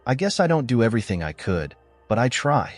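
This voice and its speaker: A man's voice: mid-range voice, very animated, brisk, dry recording, faint music behind. A man narrating a first-person story, voicing the betrayed husband in a blunt, angry, sarcastic manner.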